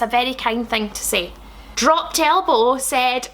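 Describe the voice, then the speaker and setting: A young woman comedian reading bad fan fiction aloud, animated and sarcastic, swearing freely. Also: fairly high pitch, slow. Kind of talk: comic read-aloud.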